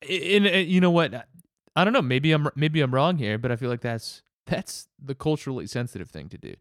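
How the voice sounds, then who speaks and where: Animated man in dry, close casual chat. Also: on the high side, a little fast, no room sound. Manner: animated, hesitant, joking. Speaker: podcast co-host.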